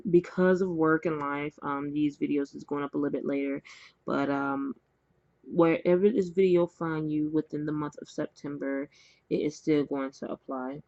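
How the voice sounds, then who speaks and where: A woman's voice: sits low, fairly even intonation, normal speed, a little mellow, dry recording, lo-fi sound. A woman giving a casual spoken tarot reading at home, chatty and rambling, with many fillers and apologies. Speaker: tarot reader. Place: indoors at a table with cards. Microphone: camera mic, face not shown.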